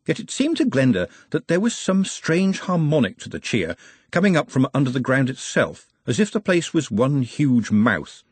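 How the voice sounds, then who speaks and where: Husky, expressive male audiobook narrator. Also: mid-range voice, normal speed, no room sound. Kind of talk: scripted narration.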